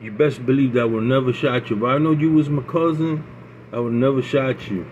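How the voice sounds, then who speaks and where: A blunt, earnest young Civil War lieutenant, put on by a man telling a story, talks in a folksy drawl. His voice sits at an ordinary middle pitch. The sound is narrow and phone-like, with a faint hiss behind it. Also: fairly quick, close to an everyday voice. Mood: regretful.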